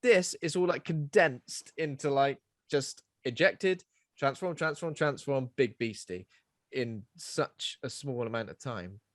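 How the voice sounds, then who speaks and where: A man's voice: mid-range voice, unhurried, fairly bright tone, dry recording. A man co-hosting a film podcast, talking animatedly and comparing the film to the games. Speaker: podcast co-host. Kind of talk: casual film review chat.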